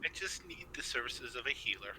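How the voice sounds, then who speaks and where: A man playing a tabletop game, hesitant and soft-spoken. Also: medium pitch, lively intonation, fairly quick, a little hiss or hum, low-quality recording. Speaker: player.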